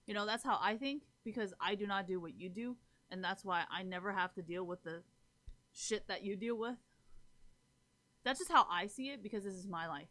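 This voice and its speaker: A woman's voice: mid-range voice, a little fast, a bit bright. A woman livestreaming who talks bluntly to her viewers, rants, swears freely and keeps asking if they follow. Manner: keeps checking in with listeners. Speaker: live streamer. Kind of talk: casual talk to stream chat.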